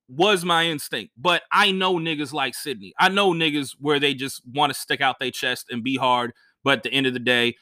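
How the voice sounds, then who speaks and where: Profane, animated comedian telling a story. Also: male voice, on the high side, dry recording, studio quality. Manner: profane, animated, acts out other people's lines. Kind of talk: casual podcast storytelling.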